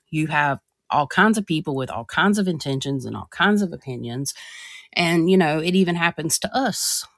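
Co-host, mid-pitched, earnest explainer with restarts, dry close mic. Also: fairly bright tone, no echo. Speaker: podcast co-host and spiritual practitioner. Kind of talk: casual podcast discussion.

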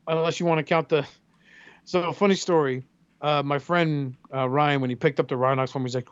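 A man's voice: on the high side, fairly even intonation, a little fast, clean tone, lo-fi sound. A man co-hosting a podcast in casual chat, telling rambling profane stories and acting out quotes. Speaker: podcast co-host.

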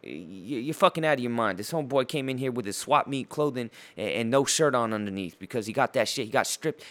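A man's voice: mid-range voice, a bit bright. A man hosting a podcast, ranting crudely with constant stammers and filler words in a mocking gossip style. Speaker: podcast host. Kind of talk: profane gossip rant.

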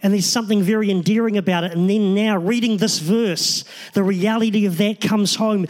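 High-voiced man preaching a sermon. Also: steady tone, normal speed, few pauses, a little mellow. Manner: earnest, emphatic preaching with short repeated phrases. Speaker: pastor.

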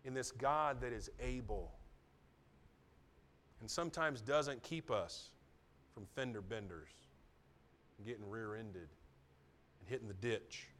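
A middle-aged man preaching a sermon as pastor, dropping to soft, near-whispered asides and then building to loud, emphatic repetitions. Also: fairly low pitch, a little slow, pauses often, slight background noise.

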